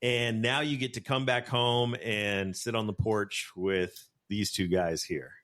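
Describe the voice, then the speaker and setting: A man hosting a podcast interview, asking questions in a relaxed, playful, teasing way. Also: lowish voice, measured pace. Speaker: podcast host.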